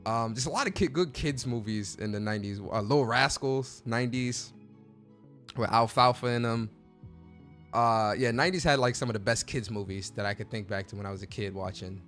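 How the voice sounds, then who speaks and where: A man's voice: medium pitch, brisk, fairly bright tone, faint music behind. A man hosting a casual livestream chat, talking in a chatty, slangy way and reacting to viewers. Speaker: podcast host.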